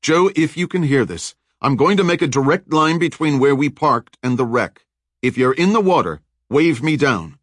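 A man's voice: medium pitch, lively intonation, moderate pace, no room sound, clean studio sound, pitched above the performer's own voice, natural voice. A male audiobook narrator voicing a determined male hero who calls urgently over a radio. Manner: urgent, raised and pressing.

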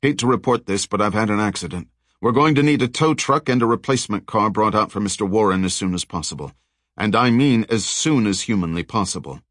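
A man's voice: lowish voice, lively intonation, a little fast, a bit bright, no echo, studio quality. A man playing a harried, apologetic chauffeur.

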